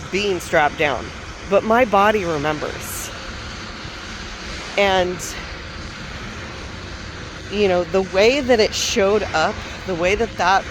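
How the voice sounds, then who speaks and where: A woman coach telling a candid personal story in a reflective, unhurried way, with soft laughs and restarts. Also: fairly low pitch, background noise. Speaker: parenting coach.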